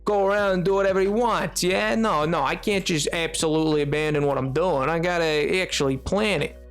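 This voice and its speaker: A man doing an indignant Southern gentleman. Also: on the high side, fairly quick, clean tone, soft background music, lightly acted. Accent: exaggerated American Southern.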